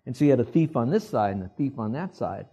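A male pastor preaching a sermon, telling animated stories and acting out the quotes. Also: mid-range voice, quick pace, husky, lo-fi sound. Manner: animated storyteller who acts out quotes.

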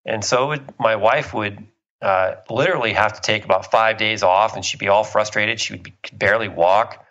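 A man's voice: lowish voice, brisk, bright, forceful tone, dull audio. A man, a book author guest, eagerly explaining health topics with analogies and personal stories. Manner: enthusiastic, explains with analogies and tells anecdotes. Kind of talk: conversational explaining.

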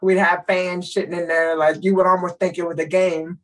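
A middle-aged woman from Texas telling a lively story in casual chat, acting out the voices of people in it. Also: on the low side, brisk, recorded from a distance, low-quality recording. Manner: animated, acts out voices in her story. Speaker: guest.

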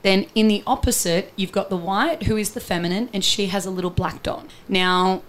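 Low-voiced woman explaining earnestly. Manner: earnest, explanatory, talks in examples. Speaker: relationship coach. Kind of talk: conversational interview.

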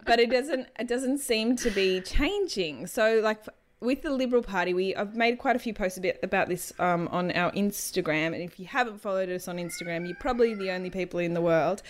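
A woman's voice: medium pitch, brisk. A young woman co-hosting a podcast, telling stories bluntly and with plenty of swearing. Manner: blunt, sweary, animated storyteller. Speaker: podcast co-host. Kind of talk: casual chat.

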